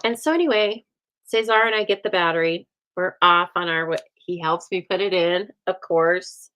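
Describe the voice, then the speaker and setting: A woman hosting a stamping craft show, chatting casually and telling a lively story while she works, acting out the other people's lines as she goes. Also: fairly low pitch, moderate pace, clear, resonant tone, poor audio. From United States. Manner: chatty, animated storytelling with voiced quotes and laughs.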